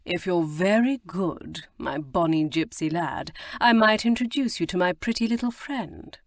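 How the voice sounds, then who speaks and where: A woman's voice: fairly low pitch, expressive, measured pace, no room sound. A woman reading an audiobook, voicing a mischievous older society lady with an arch, teasing drawl.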